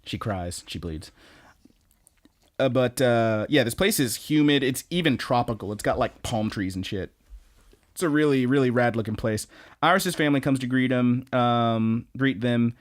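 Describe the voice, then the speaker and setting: A man's voice: mid-range voice, lively intonation, moderate pace. A young man co-hosting a podcast, recapping episodes in casual, profane chat with lots of fillers. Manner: profane, rambling with many fillers. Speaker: podcast co-host.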